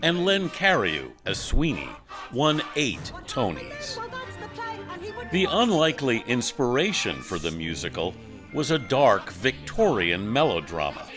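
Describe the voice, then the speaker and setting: A man narrating a television news feature as correspondent, in a measured, polished delivery. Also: mid-range voice, huge pitch swings, music in the background.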